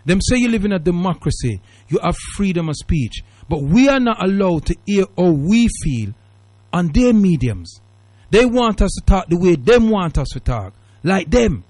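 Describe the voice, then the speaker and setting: Hosting a call-in radio talk show, this man preaches emphatically in a British accent steeped in Jamaican Patois. His high-sitting, slightly mellow voice is very animated at a moderate pace, captured dry in the studio.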